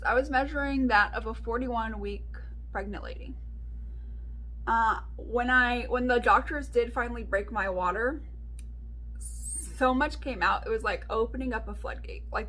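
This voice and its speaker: Bright, high-voiced chatty woman vlogger. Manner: animated, chatty storytelling with lots of fillers. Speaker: beauty vlogger. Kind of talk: casual storytime chat.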